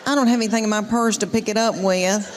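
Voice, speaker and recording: A woman's voice: mid-range voice, fairly even intonation. A woman in her fifties with a Southern US accent, telling chatty, folksy stories in a stand-up comedy set. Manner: chatty, folksy storytelling with drawn-out asides. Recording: long hall reverb, clear crowd noise.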